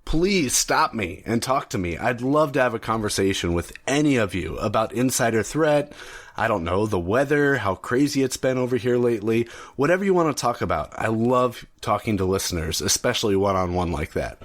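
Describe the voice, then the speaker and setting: A man's voice: medium pitch, lively intonation, normal speed. A man hosting a solo podcast, talking casually and rambling a bit with fillers and restarts. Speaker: podcast host.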